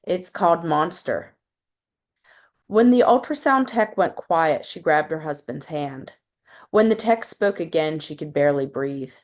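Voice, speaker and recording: A woman from West Virginia who introduces herself casually, with some halting, then reads her short fiction aloud in a steady way. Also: sits low. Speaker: fiction reader.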